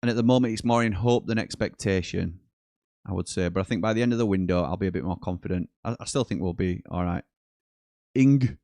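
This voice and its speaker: Brit guy hosting a footy watchalong, kinda low voice, dry close mic, reads chat out and reacts. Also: quick pace, no echo. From Britain. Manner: reads viewer comments aloud and breaks into excited match commentary. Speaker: watchalong host. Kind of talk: live football watchalong chat.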